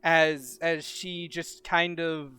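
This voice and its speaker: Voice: mid-range voice, steady tone, sharp tone, clean tone, no echo. A game master narrating a tabletop game, laughing and restarting often. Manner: laughing, halting, lots of restarts.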